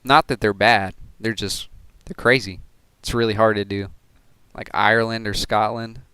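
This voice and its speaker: A man's voice: lowish voice, fairly even intonation, normal speed, pushed and bright, clean tone, dry recording. Chatty man streaming a game. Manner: chatty, self-deprecating, laughs often. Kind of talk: casual gameplay commentary.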